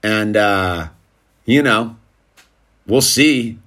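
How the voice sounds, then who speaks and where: A man's voice: on the low side, very slow, fairly bright tone. Rambling man telling a family story. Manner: rambling, peppered with dude and like. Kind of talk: casual storytelling to camera.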